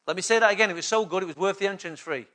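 Bright, high-voiced preaching man. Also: rapid-fire. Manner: emphatic preaching with repeated call-and-response questions. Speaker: pastor. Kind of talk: sermon.

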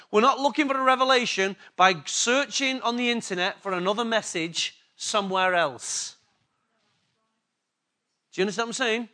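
English pastor guy preaching, high bright voice, keeps repeating stuff and checking the crowd gets it. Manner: emphatic, repeats key words, asks the congregation questions. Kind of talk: sermon.

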